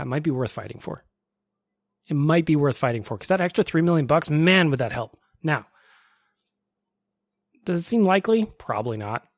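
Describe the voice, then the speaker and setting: A man's voice: medium pitch, no room sound, studio quality. A young male podcast host chatting casually and enthusiastically, with self-deprecating humor.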